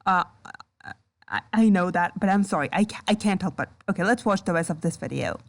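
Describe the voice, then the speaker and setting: A woman doing reaction commentary on a video, exasperated and stammering, breaking into yells of disbelief. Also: on the low side, lively intonation, fairly quick. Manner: exasperated, stammering, bursts into yelling. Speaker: commentary YouTuber.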